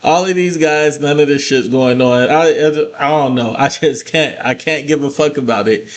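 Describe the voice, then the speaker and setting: In a casual vlog, a man with a medium-pitched voice and moderate pace goes over a wrestling show. His talk is profane and ranting, punctuated by animated asides.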